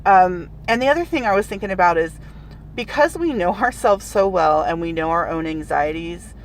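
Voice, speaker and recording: A woman's voice: fairly low pitch, animated, normal speed, slight background noise, poor audio. A woman co-hosting a casual podcast, thinking aloud in a reflective, reasoning way. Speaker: podcast co-host.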